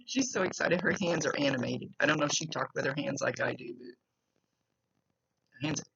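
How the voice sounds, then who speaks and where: A woman's voice: low voice, brisk, vocal fry, fairly bright tone, husky, no room sound. A woman psychic medium talking casually in a chatty, rambling way during a reading. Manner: chatty, rambling, laughs often. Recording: lo-fi with faint noise.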